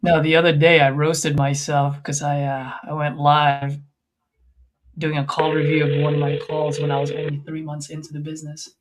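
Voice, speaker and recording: A man with a somewhat high voice, guesting on a casual livestream through a computer mic. He sounds easygoing and jokes at his own expense. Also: monotone, moderate pace, low-quality recording. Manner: easygoing, joking, self-deprecating. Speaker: guest sales closer.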